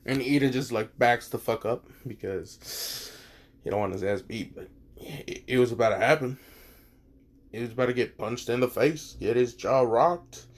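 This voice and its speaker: A man's voice: medium pitch, moderate pace. A man casually retelling a fan story, rambling and swearing, with many fillers and asides.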